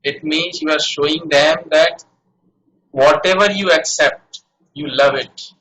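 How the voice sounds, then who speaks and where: Slow, bright-voiced Indian English teacher. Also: male voice, on the high side, low-quality recording. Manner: patient, repeats model sentences slowly. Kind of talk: one-on-one spoken English lesson.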